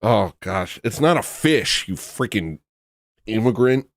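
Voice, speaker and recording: Gushing to his viewers on a casual livestream, the male host sometimes falls to a choked near-whisper. He speaks slowly in a lowish voice with lively intonation, captured in studio quality without echo.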